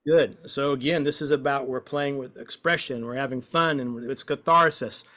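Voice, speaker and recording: A man's voice: mid-range voice, fairly even intonation, moderate pace, sharp tone. A man leading a voice and poetry exercise, encouraging and playful, stretching out lines as he recites. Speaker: workshop leader.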